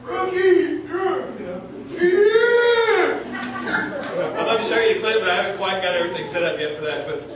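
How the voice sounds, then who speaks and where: Male pastor preaching with animated storytelling, high voice, recorded from across a very echoey church hall. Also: racing, few pauses, recorded from a distance, a crowd in the background. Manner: animated storytelling, shouting quoted lines. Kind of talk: sermon. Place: church sanctuary.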